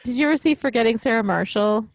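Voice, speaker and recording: A woman with a slightly high voice chats casually as a podcast co-host, wandering through long stories and breaking into giggles. The sound is dry and close, with no room around it. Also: fast talker, no room sound. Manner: rambling storyteller, giggly. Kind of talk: casual chat.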